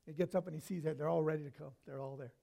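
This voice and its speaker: High-voiced animated male preacher. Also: racing, gravelly. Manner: animated storytelling, swings from loud to hushed. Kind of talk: sermon.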